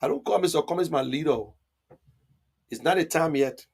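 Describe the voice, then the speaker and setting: A man hosts a political live stream and talks back to viewer comments. He argues hard and repeats himself for emphasis, and his voice sits fairly high for a man. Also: moderate pace, vocal fry, a little mellow. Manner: emphatic, repetitive, argumentative.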